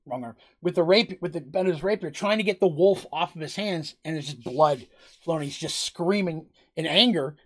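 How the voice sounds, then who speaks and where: Brief: tabletop game master, mid-pitch voice, vivid play-by-play of a fight, restarts phrases as he goes. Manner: vivid, blow-by-blow combat storytelling with frequent restarts. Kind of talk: improvised narration of a tabletop game.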